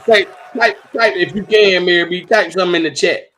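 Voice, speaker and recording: A man hosting a live stream, chatting in a relaxed, talky and animated way. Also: high voice, a little fast, a little hiss or hum. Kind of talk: casual chat on a live stream.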